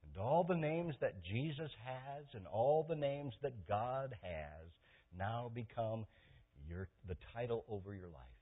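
A male preacher delivering a sermon, shifting from loud impassioned passages to soft, intimate pleading. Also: medium pitch, lively intonation, a little slow, breathy edge. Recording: tinny phone-like sermon recording.

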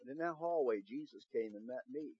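A man's voice: medium pitch, lively intonation, a little fast, breathy edge, dry recording. A male pastor preaching a sermon, telling an earnest personal story. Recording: dull recording with faint hum.

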